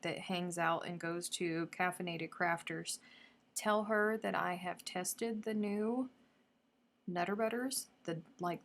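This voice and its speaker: A woman chatting to her viewers on a casual craft livestream. Her voice sits a bit low and carries a gravelly fry. She talks effusively and now and then slips into near-whispered asides. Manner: effusive and chatty, drifting into soft murmurs. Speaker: crochet livestream host. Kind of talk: casual live-stream chat.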